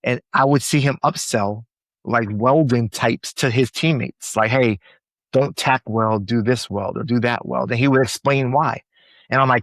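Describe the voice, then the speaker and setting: Man, podcast guest, lively storyteller, mid-pitched voice, dry close sound. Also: measured pace, no room sound. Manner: animated storyteller, repeats words when excited. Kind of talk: storytelling in a conversational interview.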